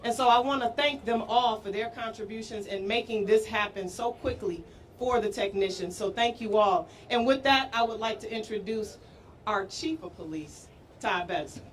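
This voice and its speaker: A woman, a deputy mayor giving an emotional, rousing outdoor speech that builds to shouting. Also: on the high side, moderate pace. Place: outdoor rally at a school parade. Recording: distant outdoor news mic with street noise.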